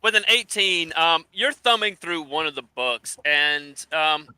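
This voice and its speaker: Bright, smooth-voiced male game master. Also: on the high side, expressive, dry recording, low-quality recording. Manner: halting, searching for words. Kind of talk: narrating a tabletop game.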